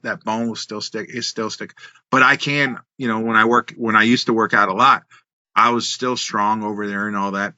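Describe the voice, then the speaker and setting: A man, a former wrestler, telling road stories in an animated way on a podcast, full of restarts and quoted dialogue. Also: medium pitch, dry recording, highs cut off. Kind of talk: casual storytelling in a podcast interview.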